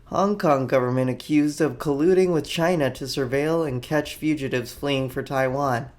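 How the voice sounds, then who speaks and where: A man's voice: medium pitch, moderate pace, darkish tone. A man hosting a podcast who reads news headlines and riffs on them with jokey, rambling asides. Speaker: podcast host. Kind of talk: casual comedic news commentary.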